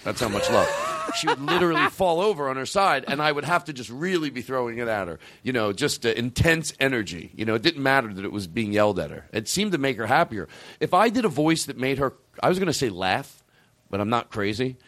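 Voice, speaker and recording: Brief: male comedy podcast host, middle pitch, lively swooping delivery, rambling and profane, dry close sound. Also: brisk, no echo. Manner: rambling, profane, excitable storytelling. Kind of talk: casual comedy podcast chat.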